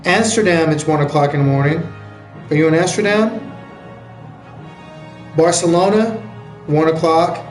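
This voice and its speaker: An American man chatting casually with viewers during a live game stream, joking and answering their questions out loud. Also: fairly high pitch, measured pace, pauses often. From United States. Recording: roomy echo with faint background music.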